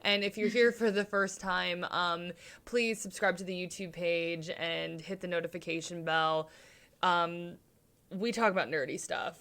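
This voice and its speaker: This young host of an informal reaction chat has a fairly low, fairly bright voice, steady in tone and unhurried. She gets gushy and emotional, peppering her talk with lots of "um" and "like."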